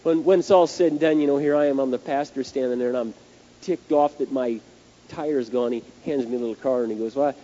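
A man preaching a sermon as pastor, telling a story in an animated, emphatic way, on a dull lo-fi recording. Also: medium pitch, fairly quick.

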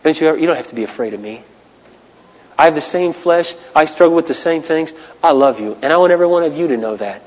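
A high-voiced male pastor preaches with wide, animated swings of pitch, moving from loud declarations to hushed asides. The sound carries a long reverb, as if preached in a big hall. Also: fast, muffled recording. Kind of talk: sermon.

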